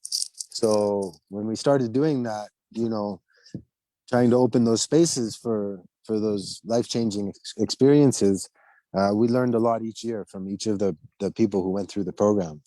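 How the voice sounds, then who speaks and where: A man's voice: lowish voice, measured pace, mellow, no room sound, rough recording. A man speaking as a guest on a video call, recalling past trips in a rambling, hesitant way. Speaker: guest, former program leader. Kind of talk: casual interview chat.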